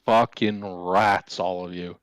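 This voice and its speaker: A man's voice: sits low, steady tone, slow, clean tone, dry recording, low-quality recording. A man co-hosting a sports podcast, furiously swearing and hurling insults. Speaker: podcast co-host. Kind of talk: casual sports podcast rant.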